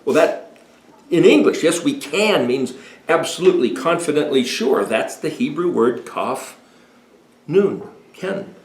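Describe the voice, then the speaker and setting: A man's voice: a little high, lively intonation. Older man teaching in an echoey room. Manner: deliberate, emphatic explaining, stretched words. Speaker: Bible teacher. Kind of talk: home study talk on Hebrew words.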